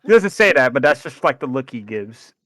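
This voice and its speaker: A man playing in a tabletop game, describing his character in an animated way. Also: mid-range voice, a little fast. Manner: animated, laughing. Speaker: player.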